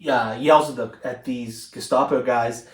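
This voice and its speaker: A man's voice: medium pitch, steady tone, a little slow. A man co-hosting a podcast, telling loose, laughing stories in casual chat about films. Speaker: podcast co-host. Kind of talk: casual film discussion. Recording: roomy echo, distant from the mic.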